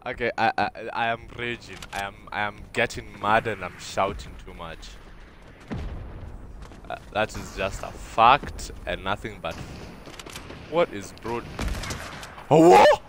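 A man streaming a shooter game live, reacting loudly with shouts of disbelief and cocky trash talk. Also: on the low side, measured pace, noisy background. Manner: excitable, yelling "what?" and trash talk. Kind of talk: live gaming stream commentary. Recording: loud game gunfire behind voice. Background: game gunfire and explosions.

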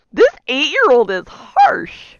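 Woman, animated pitch, teasing incredulous remarks, dry close mic. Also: very slow, gravelly, no room sound, highs cut off. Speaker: podcast co-host. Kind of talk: casual banter and commentary.

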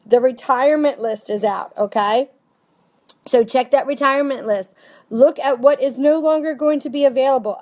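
A woman's voice: high-pitched, a little mellow. A woman in her thirties, speaking to her sales team in a casual motivational vlog from home. She is upbeat and chatty and keeps checking in with "okay?" and "right?". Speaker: direct sales team director. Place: home with family nearby.

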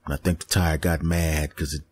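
A man hosting a podcast, telling a comedic story in an animated, ranting manner. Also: very deep voice, a little fast, slight background noise. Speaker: podcast host. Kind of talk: comedic monologue.

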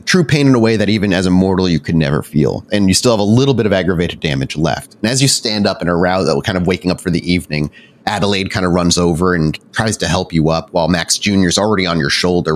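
Game master, lowish voice, casual descriptive narration, restarts freely. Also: male voice, expressive, fast.

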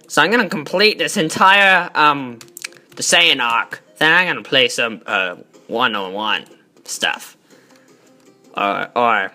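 Speaking in a low register, this woman runs a gaming channel and provides excitable, foul-mouthed let's-play commentary. She shouts at enemies and jokes around while playing a god persona.

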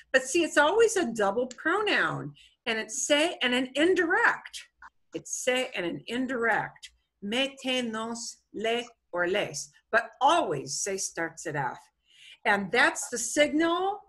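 Middle-aged woman teacher, bright husky voice, chatty explainer for an online class. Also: on the high side. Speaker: Spanish teacher.

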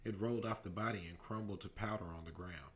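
A father reads a children's storybook aloud at bedtime in a deep, low voice. His narration is steady, and he slips into character voices along the way. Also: fast. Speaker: dad reading a bedtime story.

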